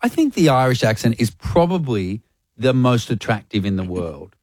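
A man's voice: medium pitch, very animated, normal speed, darkish tone, no echo, studio quality. A man co-hosting an interview, joking and opinionated as he asks his questions. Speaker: radio co-host. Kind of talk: casual interview chat.

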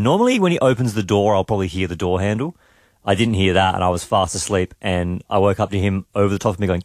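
A man's voice: on the low side, no room sound, clean studio sound. A man, hosting a morning radio show and telling a family story in casual chat. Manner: storytelling, animated quoting of his son. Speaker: radio host. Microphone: studio mic.

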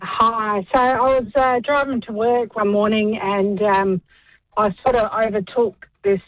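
A woman's voice: medium pitch, steady tone, a little slow, poor audio. A woman calling in to a radio show, telling a story in a friendly, chatty way. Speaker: caller. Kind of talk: phone-in anecdote.

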